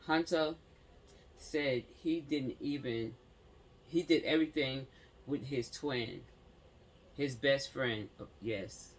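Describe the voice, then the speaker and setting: A man's voice: medium pitch, slow, pauses often. A man reading a news story aloud, stumbling over words and breaking off for slangy asides to his viewers. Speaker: commentary channel host.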